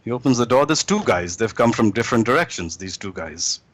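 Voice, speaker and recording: A man's voice: medium pitch, lively intonation, brisk, no echo, poor audio. A man guest in an interview, telling jokes in a rambling way with many restarts.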